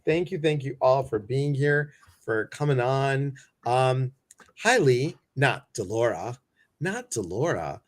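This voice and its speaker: A man hosting a casual livestream chat, bubbly and sassy, greeting viewers by name. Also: medium pitch. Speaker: livestream host.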